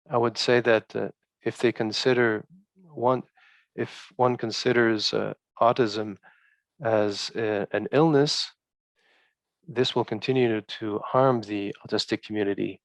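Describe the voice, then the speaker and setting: Guy presenting research findings, gravelly voice, stops and restarts a lot, dry sound. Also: fairly low pitch, no room sound. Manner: halting, many fillers and restarts.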